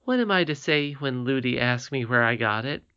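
A man voicing an eager little princess girl in an audiobook, high, breathless and excited. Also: normal speed, clear, resonant tone, dull audio. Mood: earnest. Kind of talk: audiobook character reading.

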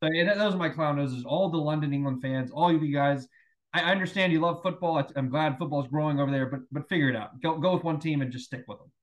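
Fast-talking man on a sports podcast. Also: on the high side, poor audio. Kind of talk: casual sports podcast chat.

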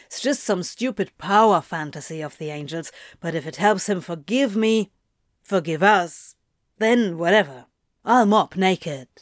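A woman's voice: lowish voice, expressive, a little slow, no echo, studio quality. A woman voicing a grumbling, prickly man. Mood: snappish. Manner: irritable, snappish. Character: prickly, grumbling adult man, easily flustered. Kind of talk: audiobook reading of fan fiction.

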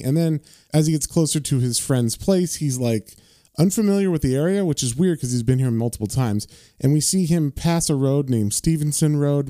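A man's voice: mid-range voice, warm tone, dry recording, studio quality. A man giving a casual, rambling recap of a comic book issue, with lots of fillers. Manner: loose and rambling, with frequent fillers.

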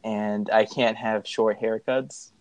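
A young man telling a story in a casual, animated way, swearing and laughing as he goes. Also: fairly low pitch, slow pace.

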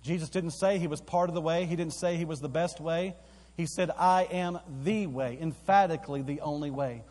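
A man's voice: on the high side, fairly quick, a little mellow. A man preaching a sermon as pastor in a church auditorium, with emphatic repetition that builds in force. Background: live congregation hall.

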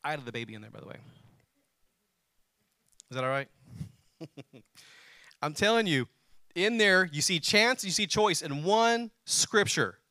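A man's voice: on the high side, measured pace, pauses often, no room sound, studio quality. A man preaching a sermon, telling a personal story and calling on the congregation to answer back. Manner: animated, calls on the congregation to respond.

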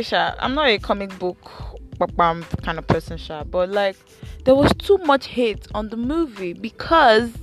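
A young woman with a Nigerian accent chatting playfully about her week in a car, slipping into Pidgin. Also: on the low side. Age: young adult. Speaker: vlogger. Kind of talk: casual storytelling chat.

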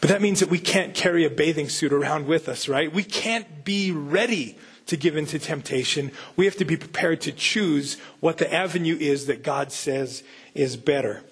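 A man's voice: on the high side, normal speed, slightly rough. A man pastor giving a conversational sermon, full of rhetorical questions and casual asides.

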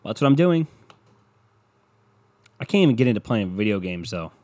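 A young solo podcast host speaks in a lowish, darkish, sing-song voice at a moderate pace into his podcast microphone. His casual rant wanders, full of sarcasm and profanity.

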